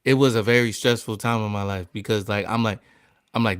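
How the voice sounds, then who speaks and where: A man's voice: on the low side, fairly even intonation, brisk, smooth, dry recording, clean studio sound. A man co-hosting a casual panel talk, reflecting on his own experience with clients. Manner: reflective, sharing personal experience. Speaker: podcast co-host.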